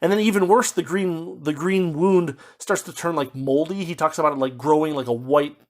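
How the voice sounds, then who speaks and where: A man giving a casual spoken book review, rambling with lots of fillers and restarts, now and then slipping into quick mock voices as he paraphrases. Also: fairly high pitch. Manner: puts on brief mock voices when paraphrasing.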